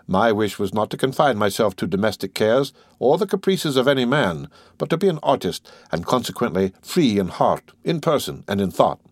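A man's voice: lowish voice, sing-song, moderate pace, hardly any pauses, husky, dry recording, clean studio sound. A man voicing a bold, candid young woman who speaks firmly and forthrightly in an audiobook reading. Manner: firm and forthright.

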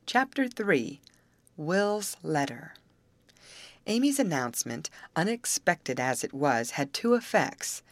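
A woman narrating a novel as an audiobook in a clear, measured reading. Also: low-pitched, big pitch swings, no echo. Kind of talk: scripted narration.

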